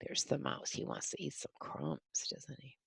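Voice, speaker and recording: A woman's voice: a bass voice, big pitch swings, unhurried, vocal fry, slightly rough, dry recording. A woman reading a picture book aloud to children, stopping to explain the pictures in simple words. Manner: explains the pictures to young listeners. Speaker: storybook reader.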